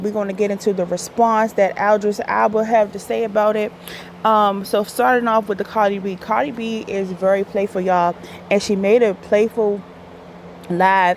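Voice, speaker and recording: A woman's voice: medium pitch, darkish tone, a little hiss or hum. A woman hosting a casual commentary show, chatty and filler-heavy, correcting herself often as she talks. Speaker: host.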